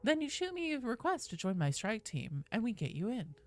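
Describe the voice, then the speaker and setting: A woman's voice: fairly high pitch, very animated, brisk, darkish tone. A woman streaming a game live, chatting casually and playfully with viewers and swearing freely.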